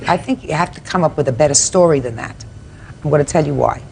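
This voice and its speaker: A woman's voice: deep voice, fast, gravelly, darkish tone, a little hiss or hum. An older woman presiding as a TV judge, questioning litigants bluntly and with command. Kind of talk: courtroom questioning.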